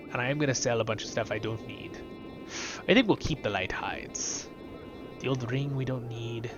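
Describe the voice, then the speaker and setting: A Scottish man hosting a casual let's-play, talking off the cuff and chattily over game music. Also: mid-range voice. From Scotland. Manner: chatty, off-the-cuff, self-deprecating. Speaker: host.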